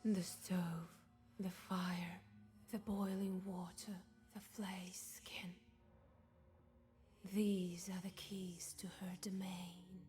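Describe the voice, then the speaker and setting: A man's voice: high voice, flat delivery, extremely slow, darkish tone, faint music behind, pitched above the performer's own voice. A man voicing a desperate young changeling girl in a breathless whisper, as whispered role-play. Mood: eerie. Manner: whispering eerily.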